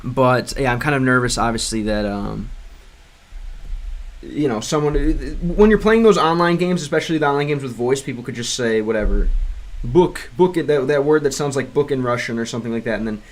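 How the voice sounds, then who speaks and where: A man chatting casually on a livestream, rambling with many restarts and fillers and stopping now and then to sound out game text in halting learner's Russian. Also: mid-range voice, lively intonation. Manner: clumsy Russian read aloud in a learner's voice. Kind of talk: casual livestream chat reading comments.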